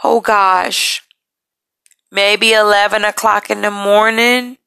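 Woman host, tired and emotional, slow gravelly confessional delivery, dry close sound. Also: medium pitch, steady tone, bright, forceful tone, no room sound. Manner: emotional, halting, apologetic. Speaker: podcast host. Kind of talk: personal confessional talk.

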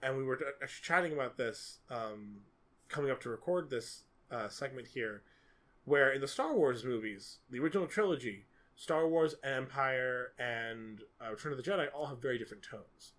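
A man in casual podcast chat who rambles and stays animated. His voice sits at an ordinary middle pitch, and he piles up fillers as he thinks aloud. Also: normal speed. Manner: animated, rambling, many fillers like "you know". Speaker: podcast co-host. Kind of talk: casual film discussion.

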